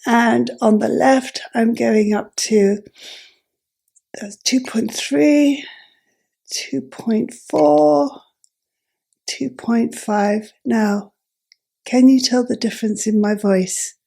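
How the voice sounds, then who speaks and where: A woman vlogger explaining step by step, her voice croaky and gravelly and breaking into breathy whispers, speaking in halting, self-correcting phrases. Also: fairly high pitch, warm tone. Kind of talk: explaining while adjusting a device.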